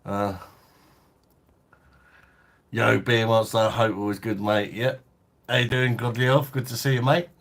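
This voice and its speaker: A man's voice: fairly low pitch, steady tone, unhurried, pauses often, fairly bright tone. A man hosting a casual beer review livestream, chatting laid-back and reading out viewer comments. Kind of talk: casual live-stream chat.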